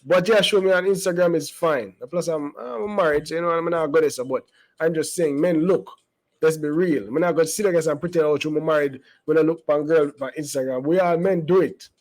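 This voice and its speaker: A man's voice: a little high, a little fast, darkish tone, low-quality recording. A man giving casual, rambling commentary as a channel host, emphatic and full of asides and restarts.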